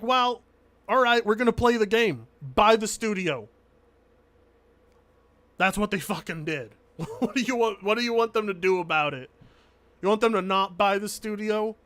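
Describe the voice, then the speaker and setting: Man, high voice, bright tone, streamer commentary, emphatic and repetitive, casual swearing. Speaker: streamer reacting to a video.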